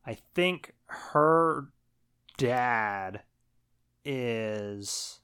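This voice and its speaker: A man talking through a film recap in a relaxed podcast chat. He swears casually and often lets his sentences drop off softly. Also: fairly low pitch, vocal fry. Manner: laid-back, swears casually, trails off quietly. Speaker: podcast co-host.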